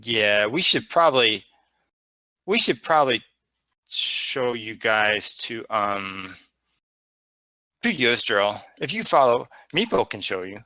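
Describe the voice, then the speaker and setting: A man's voice: lowish voice, very animated, slow pace, long pauses, pushed and bright, no echo, low-quality recording. A man narrating as game master of a tabletop game, rambling with fillers and restarts.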